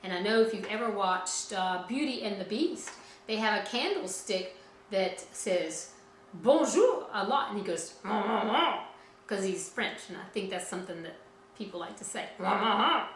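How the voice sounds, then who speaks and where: Bright-voiced music teacher, echoey room. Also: female voice, mid-range voice, normal speed, a little hiss or hum. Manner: cheerful, encouraging, speaks to children directly. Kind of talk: children's music lesson.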